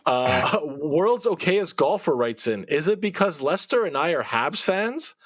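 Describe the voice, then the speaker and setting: A man co-hosting a casual podcast, reading out listener mail with quick asides and chuckles. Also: fairly high pitch, big pitch swings, fairly bright tone, no room sound.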